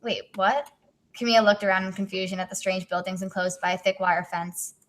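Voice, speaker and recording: In a casual chat, a teen girl co-host reads her own story aloud, giggling and adding jokes as she goes. She speaks a little fast in a mid-range voice with a level tone.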